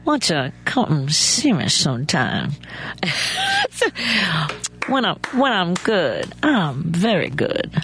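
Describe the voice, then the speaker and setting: A woman doing an impression of a sultry 1930s film star in a slow, suggestive drawl. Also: lowish voice, huge pitch swings, a bit bright, faint music behind, exaggerated voice.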